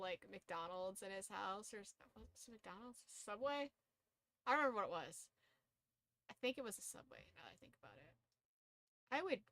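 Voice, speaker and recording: A woman's voice: mid-range voice, fairly bright tone, no room sound. A young woman streaming casually, who swears freely, laughs a lot and shrieks in disbelief. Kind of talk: casual live-stream chat.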